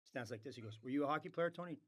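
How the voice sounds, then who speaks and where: A man at a middle pitch for his sex, spinning a long tale in a relaxed podcast chat. He swears freely and slips into the voices of the people in his story as he goes. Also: racing, slightly rough. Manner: animated, acts out quoted dialogue, swears freely. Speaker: podcast guest. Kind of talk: casual storytelling.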